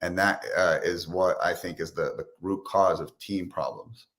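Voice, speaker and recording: A man with a fairly low voice speaks as a podcast guest in a relaxed, chatty way. He lights up when he quotes people, acting out their lines as he tells his business stories. His delivery is conversational and keeps moving. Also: moderate pace. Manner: animated storyteller, acts out quotes. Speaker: guest, sales expert and entrepreneur. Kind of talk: casual podcast interview.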